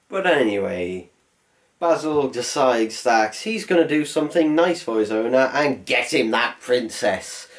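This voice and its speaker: A man's voice: mid-range voice, animated, slow. A man voicing a sarcastic, rambling film review. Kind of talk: comedic film review voice-over.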